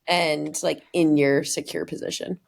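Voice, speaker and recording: A woman interviewer with a somewhat low voice asking questions casually. She hesitates and fills her phrasing as she goes. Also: steady tone, measured pace, gravelly. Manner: hesitant, many "like" fillers. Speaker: podcast host, interviewer.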